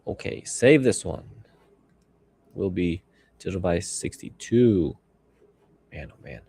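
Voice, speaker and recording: This deep-voiced man in his thirties speaks a little slowly, with lively intonation, a mellow sound and a breathy edge. Streaming as he edits photos, he rambles and thinks out loud in casual commentary.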